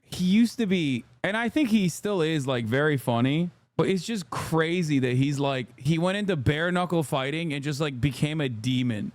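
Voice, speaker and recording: A man's voice: a little high, expressive, moderate pace, few pauses, dry recording. A man commenting on clips during a live stream, wry and joking, with profane asides.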